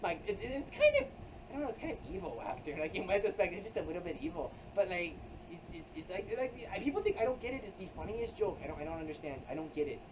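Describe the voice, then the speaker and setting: Improvised comic story, rambling, lots of fillers, exaggerated pitch jumps, camera mic at a distance, faint hum behind. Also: very animated, quick pace. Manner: rambling, filler-heavy, with frequent "like" and restarts. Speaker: comedy vlogger. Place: hot indoor room with an air conditioner running. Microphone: camera mic at some distance. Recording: distant, dull camera audio with faint air-conditioner hum.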